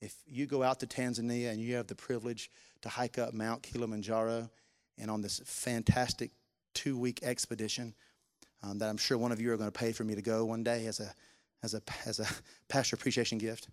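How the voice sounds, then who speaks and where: A man preaching a sermon as pastor, stretching key words slowly and climbing loud on emphasis, then dropping to a soft, low voice for prayers and asides. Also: little pitch movement.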